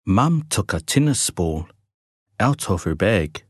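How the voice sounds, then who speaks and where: A man reading a children's picture book aloud, with a slow, lively read-aloud manner. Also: low-pitched, no echo, studio quality. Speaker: storybook reader.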